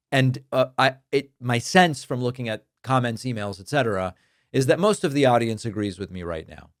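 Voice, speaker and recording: A man with a medium-pitched voice hosts a political talk podcast, reading out listener mail in a clean studio sound with no echo. He talks conversationally, thinking aloud with fillers and restarts.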